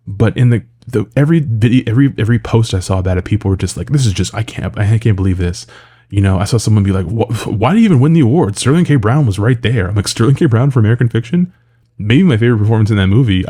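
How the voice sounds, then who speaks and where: Low, mellow-voiced man ranting profanely. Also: vocal fry. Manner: profane, exasperated, sarcastic, lots of filler words. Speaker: commentator. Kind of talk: casual ranting commentary.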